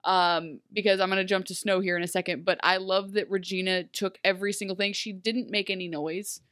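A woman in easy conversation, breaking down a TV episode with a co-host. She talks in a lively, rambling way, full of fillers and quick asides. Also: medium pitch, clean tone. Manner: animated, lots of "like" and quick asides. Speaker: podcast co-host. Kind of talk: casual TV recap chat.

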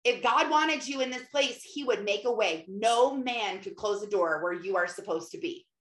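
Brief: animated woman, casual faith talk, lively delivery, roomy echoey room. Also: medium pitch, normal speed. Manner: animated, often acts out quotes, many fillers. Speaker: mother and Christian speaker. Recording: roomy echo.

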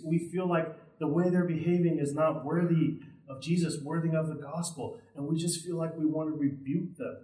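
A man preaching a sermon as pastor, earnest and direct, often checking in with his listeners by asking "right?". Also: on the high side. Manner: earnest and direct, with frequent tag questions. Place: church sanctuary. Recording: roomy sound from a distant mic.

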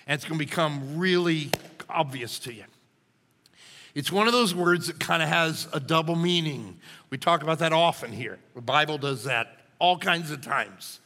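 A male pastor preaching a sermon in a church sanctuary, emphatic and animated, often checking in with his listeners. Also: a little high, moderate pace. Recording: long hall reverb.

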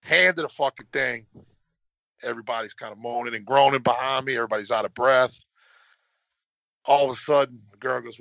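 A man telling a story in casual chat, swearing constantly and getting animated as he goes. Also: brisk, vocal fry, pauses often, no room sound. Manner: animated, voice climbs high when worked up. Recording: dull lo-fi dry sound.

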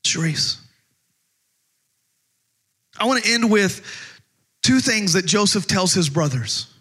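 High, bright-voiced impassioned pastor. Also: male voice, expressive, takes it slowly, breathy edge. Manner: impassioned, conversational preaching with repeated restarts. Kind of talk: sermon.

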